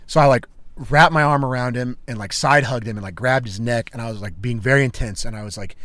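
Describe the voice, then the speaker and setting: A man's voice: mid-range voice, quick pace, a bit bright, no room sound. A man co-hosting a podcast, telling a personal story in casual chat, emphatic and peppered with "like" and "dude". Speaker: podcast co-host.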